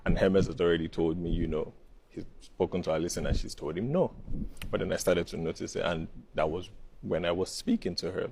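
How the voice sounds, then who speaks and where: Deep rough-voiced guy on a reunion show, laid back, bit of background noise. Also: brisk, darkish tone. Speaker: reality show contestant. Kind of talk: reunion interview answer.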